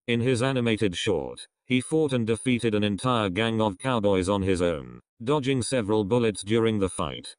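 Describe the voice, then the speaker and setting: A man with a lowish voice delivers a deadpan, mock-serious comedic prediction. The recording is dry, with no room sound. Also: dry recording. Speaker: video commentator.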